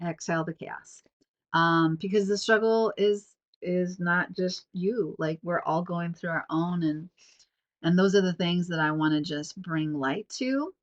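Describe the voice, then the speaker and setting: Rambling young woman host, stuffy nose, slightly low voice, dull lo-fi recording. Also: measured pace. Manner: rambling, chatty, many fillers and restarts. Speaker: podcast host. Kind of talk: casual solo podcast. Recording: dull lo-fi sound.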